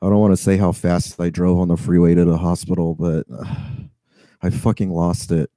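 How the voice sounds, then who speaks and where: A man on edge vents a long grievance, sighing, stammering and swearing. His voice sits low and very dark. The sound is close and dry. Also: little pitch movement, moderate pace, dry recording, poor audio. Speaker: rideshare driver. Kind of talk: venting story to camera.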